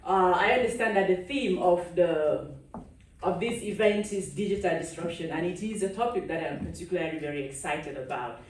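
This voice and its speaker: A woman from Cameroon giving a lively conference keynote, laughing often and chatting with the audience on stage. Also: lowish voice, a little hiss or hum. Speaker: keynote speaker. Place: large conference hall. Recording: echoey hall, speaker far from the mic.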